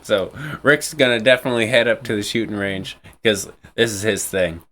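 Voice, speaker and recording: A man playing a tabletop game, describing his character's moves in a relaxed, chuckling way. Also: lowish voice, moderate pace. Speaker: player. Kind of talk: casual game play.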